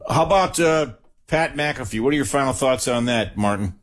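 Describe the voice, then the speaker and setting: Man sports radio host, emphatic, rattles off station promos fast, studio sound. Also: mid-range voice, animated. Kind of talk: late-night sports talk radio.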